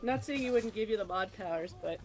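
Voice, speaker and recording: A woman's voice: medium pitch, fast, soft background music. A woman streaming a video game, chatting casually and joking with friends. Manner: joking, chatty, laughs often. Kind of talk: casual chat while gaming.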